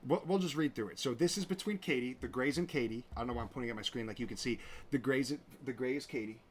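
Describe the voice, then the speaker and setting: A man's voice: medium pitch, quick pace, a little hiss or hum. A man hosting a show, talking casually and with indignation, full of fillers and restarts. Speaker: host. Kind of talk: casual commentary reading out messages.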